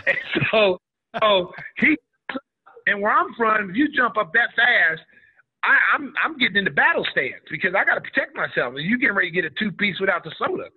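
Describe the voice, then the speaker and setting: Over a tinny line that sounds like a phone, a middle-aged Oklahoman who used to play basketball spins a tale as an interview guest. He speaks fairly quickly in a high, husky voice and gets animated, raising his voice to act out what others said in the casual conversation.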